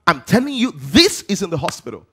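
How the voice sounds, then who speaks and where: A man's voice: high-pitched, sing-song, brisk, bright, forceful tone, husky. A man preaching a sermon to a congregation. He asks rhetorical questions and answers them himself, with emphatic rising delivery.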